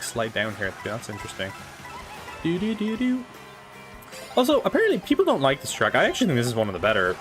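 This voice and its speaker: A man's voice: lowish voice, fairly bright tone. A young man chatting casually while playing a racing game live, rambling and swearing now and then, on a desk microphone. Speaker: streamer. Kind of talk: casual live gameplay chat.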